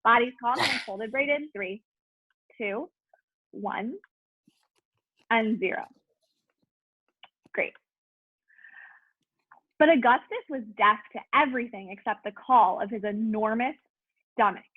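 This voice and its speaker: A woman's voice: on the high side, takes it slowly, long pauses, slightly rough, no echo. Woman teacher on a tinny video call. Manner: warm encouraging classroom prompts. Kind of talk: reading aloud to a remote class.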